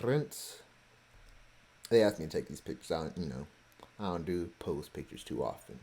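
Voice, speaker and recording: A man's voice: very deep voice, lively intonation, moderate pace, mellow, breathy edge. A man casually talking through his vacation photos, rambling with offhand, self-joking asides. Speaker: vlogger going through his cruise photos.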